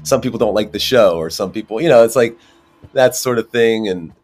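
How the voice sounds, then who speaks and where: Rambling, lively man, lowish voice. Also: brisk. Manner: rambling, many restarts and fillers, animated. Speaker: actor guest. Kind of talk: casual interview talk.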